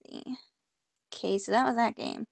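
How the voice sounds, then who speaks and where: A woman's voice: a little high, steady tone, normal speed, gravelly, dry recording. A woman playing a point-and-click game, reading the on-screen text aloud and reacting with mock frustration as she goes. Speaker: gamer. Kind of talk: casual let's-play commentary.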